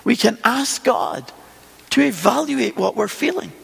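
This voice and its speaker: A male preacher talks through his sermon conversationally, throwing out question after question. His voice sits high and moves in lively leaps, and a long reverb trails after it. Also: unhurried, vocal fry, slightly rough. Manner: conversational, asks many rhetorical questions.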